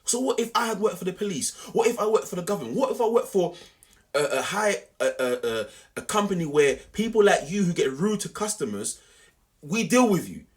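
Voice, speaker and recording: A young man telling a story to camera in an animated, slangy, repetitive way. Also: high voice, brisk. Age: young adult. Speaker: vlogger.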